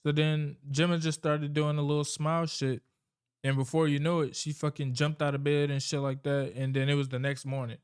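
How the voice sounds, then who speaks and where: A man with a slightly raised, smooth and clear voice rambles through a movie's plot in a loose, casual way. He swears constantly and loses track of his own story. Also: on the high side, little pitch movement, a little fast. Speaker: vlogger recapping a movie.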